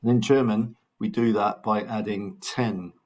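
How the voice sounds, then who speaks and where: A man teaching German numbers in a recorded classroom lesson. He speaks in a fairly low voice and takes everything very slowly, repeating words for pupils. His asides to the class are cheerful and encouraging. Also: fairly even intonation, a little mellow. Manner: slow, patient drilling with repeated counting. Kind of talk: recorded language lesson for children.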